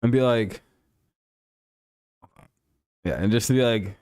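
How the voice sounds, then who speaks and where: Low-voiced man chatting on a live stream. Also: measured pace, long pauses, mellow, clear, resonant tone, no room sound, studio quality. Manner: rambling, laughs often, swears casually. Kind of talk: casual live-stream chat and game commentary.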